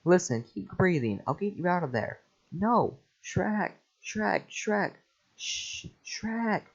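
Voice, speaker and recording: A man voicing an excitable male talking donkey in a casual script reading, chatty and quick to panic. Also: fairly high pitch, breathy edge, pitched above the performer's own voice. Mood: panicked. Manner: jittery, chatty, yelps in panic. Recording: lo-fi home mic.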